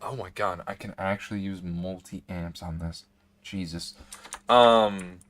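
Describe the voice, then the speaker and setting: A man with a low, unhurried voice rambles through his game session, thinking aloud and breaking off with hiccups. Keyboard clicks and typing sit behind him at his desk mic. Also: fairly bright tone. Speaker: gaming streamer. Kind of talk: casual gameplay commentary.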